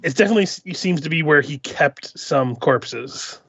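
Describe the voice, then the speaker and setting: A man's voice: on the high side, lively intonation, normal speed, gravelly, a bit bright, breathy edge, dry recording. A man narrating as game master, describing scenes with many hesitant ums and restarts. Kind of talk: narrating a tabletop game over a call. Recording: dull lo-fi call audio, dry.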